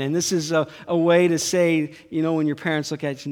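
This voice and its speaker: A man preaching a sermon, emphatic, dropping to quiet asides and building to loud high peaks. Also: fairly even intonation, fairly quick, hardly any pauses. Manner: emphatic preaching, swings between soft low asides and loud high climaxes. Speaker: pastor. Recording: long hall reverb.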